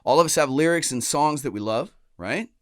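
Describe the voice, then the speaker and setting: A man's voice: fairly high pitch, lively intonation, a little fast, fairly bright tone, dry recording, clean studio sound. A man co-hosting a podcast in casual chat, joking and swearing loosely with his friend. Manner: loose, joking, profane banter. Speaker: podcast co-host.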